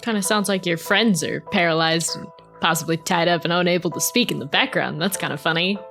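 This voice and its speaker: A woman's voice: on the low side, brisk, gravelly, fairly bright tone, soft background music. A woman playing a tabletop game, playful and joking. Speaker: player. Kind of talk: casual tabletop game play.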